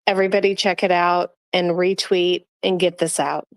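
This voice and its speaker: A woman's voice: lowish voice, flat delivery, moderate pace, dry recording. A woman, a podcast guest speaking hesitantly with many fillers. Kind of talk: casual chat.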